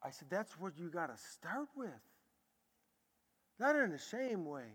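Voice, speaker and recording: Guy preaching in a big church, highish voice, long echo trailing off, goes loud then real quiet. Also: a little slow, breathy edge. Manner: animated storytelling, swinging from loud bursts to hushed tones. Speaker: pastor. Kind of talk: sermon. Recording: long hall reverb.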